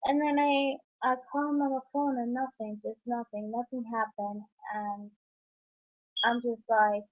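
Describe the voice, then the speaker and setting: A woman's voice: mid-range voice, flat delivery, measured pace. A young woman from New York City telling a heartfelt personal story in a rambling vlog, laughing often between thoughts. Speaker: vlogger. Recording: tinny phone-like recording.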